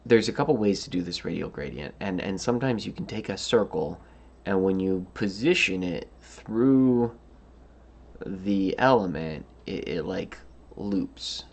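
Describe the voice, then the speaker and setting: The low, darkish voice belongs to a tired coding tutorial host who yawns as he puzzles through a problem aloud. His thinking is hesitant and musing, peppered with fillers and false starts.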